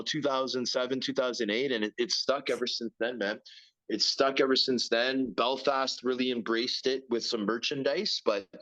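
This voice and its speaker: A man in his thirties, a former pro hockey player, chats as a guest in a casual interview about his career. His mid-range voice is fairly bright, and he rambles, stumbles over repeated words, and relies on fillers. The recording sounds dull and lo-fi.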